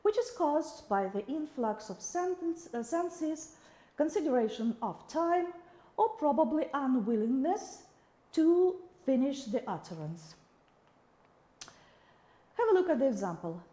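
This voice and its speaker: A woman's voice: high voice, very animated, measured pace, mellow, roomy sound. A woman with a Russian accent giving a recorded video lecture, reading examples aloud with the odd restart.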